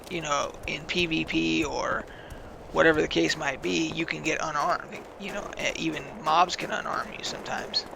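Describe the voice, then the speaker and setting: A man casually rambling through gaming stories while he plays, swearing freely and getting animated as the stories build. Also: a little high, creaky, background noise. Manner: rambling, profane, animated storytelling. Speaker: gaming channel host. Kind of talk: casual gameplay commentary with stories.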